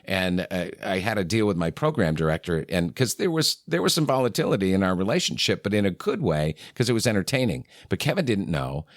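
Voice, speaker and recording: A man's voice: low voice, big pitch swings, fairly quick, hardly any pauses, dry recording, clean studio sound. A middle-aged man from New England, a radio morning host, telling candid anecdotes in a conversation and acting out the exchanges he quotes. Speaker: radio morning show host, podcast guest.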